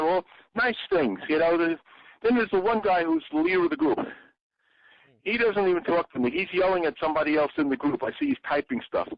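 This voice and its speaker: An older man talks through a long anecdote in a rather high voice that swings up and down a lot. His voice is dry and a bit dull, as over a lo-fi call. He acts out the people he quotes. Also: fast, no echo. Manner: animated storyteller, acts out quoted lines in a raised voice. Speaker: interview guest, former bandmate and exhibit designer. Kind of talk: casual interview talk, long anecdotes.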